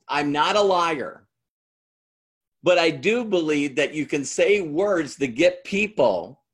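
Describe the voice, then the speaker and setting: A man's voice: a little high, a bit bright, husky. A middle-aged man giving a talk to an audience in a conversational way, acting out both sides of past dialogues as he tells a story. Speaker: motivational speaker.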